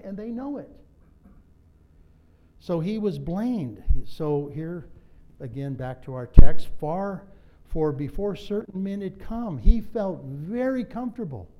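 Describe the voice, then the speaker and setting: A middle-aged pastor preaches conversationally, mixing in humorous asides and personal anecdotes. His voice sits a little high, the recording's highs are cut off, and there's slight background noise.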